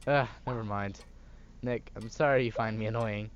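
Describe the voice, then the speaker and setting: A man's voice: on the low side, fairly even intonation, a little slow, pauses often, lo-fi sound, a little hiss or hum. A young man hosting a gaming video, making playful, joking asides while playing. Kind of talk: let's play commentary.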